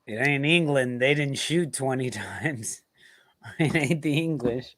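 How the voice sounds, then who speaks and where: A man's voice: medium pitch, measured pace, fairly bright tone. An American man hosting casual trivia banter, jokey and swearing, laughing as he talks. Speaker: host.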